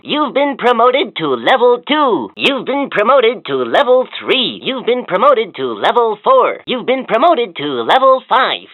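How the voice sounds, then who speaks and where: A cheerful talking learning toy, chatty and encouraging, with a giggly joke-telling manner. Its voice leaps all over in a sing-song way. It comes through tinny and completely dry, like a small toy speaker. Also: female voice, a little high, fairly bright tone, no echo, heavily acted. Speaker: voice of a children's educational toy. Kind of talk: scripted toy voice lines.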